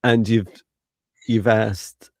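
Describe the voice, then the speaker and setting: A man with a lowish, slightly mellow voice gives psychic readings as a co-host on a live stream, speaking flatly with drawn-out words. He's hesitant, using many fillers and restarts, and laughs lightly at his own slips. The studio sound is clean with no echo.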